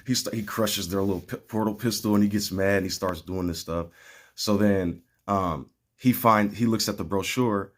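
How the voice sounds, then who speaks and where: Man with a lowish voice, earnest and meandering, preaching in a casual spiritual talk. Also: moderate pace. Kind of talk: rambling spiritual monologue.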